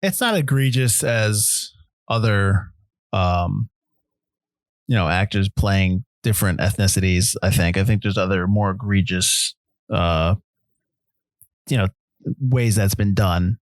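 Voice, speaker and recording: Man, film podcast co-host, deep voice, rambling and hedging, dry close sound. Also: takes it slowly, pauses often, no echo. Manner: rambling, hedging, many fillers. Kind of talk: casual film discussion.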